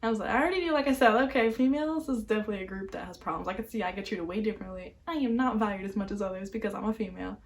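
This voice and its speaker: A woman's voice: medium pitch, very fast, hardly any pauses. A young woman, talking candidly to camera in a casual vlog, with lots of filler words. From Vietnam, adopted to the United States. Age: young adult. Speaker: vlogger.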